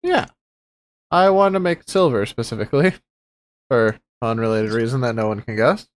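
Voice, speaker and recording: A man's voice: mid-range voice, moderate pace. A man playing in a tabletop game session, talking casually with swearing and easy laughter. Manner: lively, swearing, laughing easily. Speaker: player.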